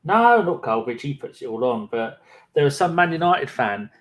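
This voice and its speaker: A man's voice: medium pitch, big pitch swings, moderate pace. A man co-hosting a podcast, chatting casually with teasing, sweary banter. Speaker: podcast co-host. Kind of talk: casual chat.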